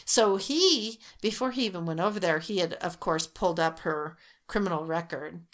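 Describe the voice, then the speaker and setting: Woman podcast co-host, slightly low voice, chatty storyteller full of filler words. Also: normal speed. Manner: chatty, full of "like" and "um", acts out quotes. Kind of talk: casual true-crime storytelling.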